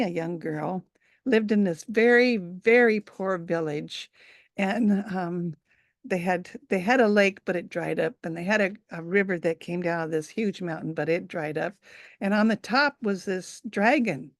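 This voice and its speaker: A woman tells a folk tale at a live storytelling event, unhurried and chatty with fillers and asides. Her voice is gravelly in a middle pitch. The sound is dry and close. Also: dry recording.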